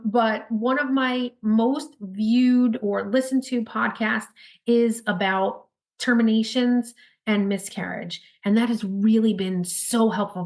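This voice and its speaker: A woman with a New York accent, a guest in a casual podcast interview, talking quickly and upbeat with frequent laughs. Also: medium pitch, creaky. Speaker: podcast guest, spirit baby intuitive.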